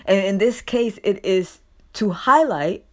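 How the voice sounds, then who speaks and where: A woman's voice: medium pitch, slow. A woman giving chatty commentary on a news story, full of fillers and reading quotes aloud. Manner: chatty, filler-heavy, loud animated quotes and laughter. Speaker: commentary vlogger.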